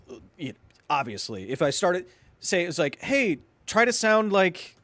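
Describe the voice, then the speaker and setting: A young man streaming a video game live, joking and talking excitedly with his chat. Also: medium pitch, dry recording. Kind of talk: casual let's-play chat.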